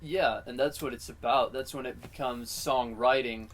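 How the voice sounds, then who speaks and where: A man's voice: mid-range voice, fairly even intonation, normal speed, fairly bright tone, a little hiss or hum. A man hosting a podcast interview, chiming in with short quips in a casual chat. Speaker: podcast host.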